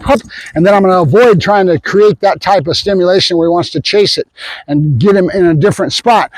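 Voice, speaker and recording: A man training a puppy on camera, explaining his methods to viewers in a casual way and breaking into excited praise for the dog. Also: sits high, dry recording, poor audio. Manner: casual, addresses viewers as guys. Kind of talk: hands-on training demo with commentary to viewers. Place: outdoors at a training area.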